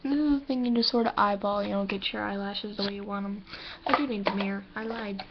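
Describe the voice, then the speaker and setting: A woman's voice: medium pitch, fairly even intonation, fast talker. A young woman chatting casually through a makeup tutorial, teasing herself as she works, recorded on a laptop microphone at home. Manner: chatty, self-deprecating, talks while doing makeup. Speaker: beauty vlogger. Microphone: laptop camera mic. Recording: dull lo-fi laptop recording with clear noise.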